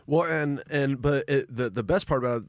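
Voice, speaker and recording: A man's voice: mid-range voice, dry recording. Man, podcast co-host, stammering, casual, dry close mic. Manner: halting, stammering, profane. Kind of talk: casual film discussion.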